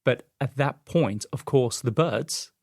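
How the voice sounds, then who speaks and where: Man, podcast host, animated storyteller, mid pitch, dry close sound. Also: slow, gravelly, no room sound. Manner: animated, chatty, frequent fillers. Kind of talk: casual storytelling chat.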